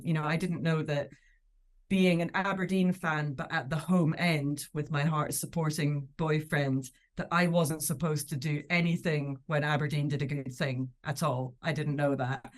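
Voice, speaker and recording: Scottish woman comic, thirties, low-pitched, brisk and playful anecdotes. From Scotland. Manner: lively storytelling, laughs often, puts on voices for quotes. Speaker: comedian guest. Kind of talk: casual podcast chat.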